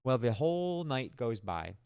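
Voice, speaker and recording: A man in his twenties co-hosting a podcast, telling a story in an animated, exasperated casual chat. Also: medium pitch, a little slow, creaky, clean tone, no room sound, clean studio sound. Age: 20s. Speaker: podcast co-host.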